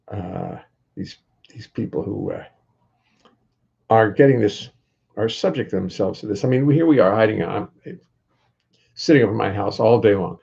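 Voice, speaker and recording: A man's voice: on the low side, normal speed, gravelly, long pauses, darkish tone, slightly rough, dull audio. An older man hosting a casual livestream from his home, rambling in a wry way and greeting viewers by name.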